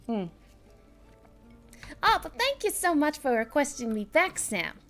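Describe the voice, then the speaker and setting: A woman voicing a bubbly female adventurer-doctor in a squeaky, nasal voice while playing a game. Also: big pitch swings, measured pace, fairly bright tone, faint music behind, full character voice. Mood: playful. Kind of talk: voicing a game character live.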